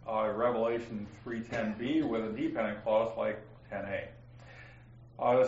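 A man lectures slowly to a class, walking through grammar point by point and reading scripture aloud. His voice sits in a roomy space with a slightly dull, muffled recording. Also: medium pitch, slight background noise. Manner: methodical, explains step by step, reads passages aloud. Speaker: Bible teacher.

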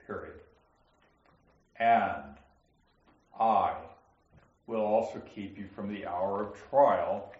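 Slow, methodical man teaching a class. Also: fairly low pitch, a little mellow, echoey room, muffled recording. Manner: methodical, explains step by step, reads passages aloud. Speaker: Bible teacher. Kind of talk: classroom lecture on scripture grammar.

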